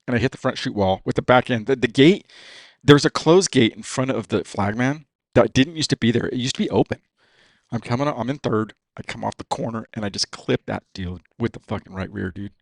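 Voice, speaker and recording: A man's voice: mid-range voice, brisk, vocal fry, no room sound. A man talking as a guest on a podcast, casual and profane, saying "dude" all the time. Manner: profane, says "dude" constantly. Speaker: racing driver guest. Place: podcast studio.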